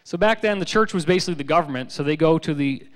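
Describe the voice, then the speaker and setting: Male lecturer, slightly high voice, playful storyteller, long hall reverb. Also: fast talker. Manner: joking, animated storytelling. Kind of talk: public lecture.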